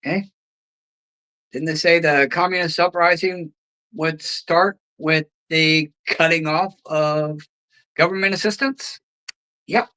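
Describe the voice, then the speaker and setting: A host tears into politics in a bright, cutting voice, swearing freely and throwing out sarcastic rhetorical questions. The delivery is a heated, one-sided rant. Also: medium pitch, fairly even intonation, slow, pauses often, low-quality recording. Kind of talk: ranting political commentary.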